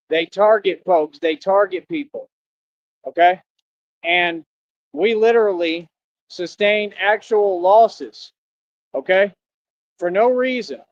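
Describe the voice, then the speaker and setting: Male streamer from Austin, high voice, confrontational rant, dull dry lo-fi audio. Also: no room sound. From Austin, Texas. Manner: confrontational, repetitive, streetwise slang. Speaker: livestreamer. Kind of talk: ranting livestream monologue.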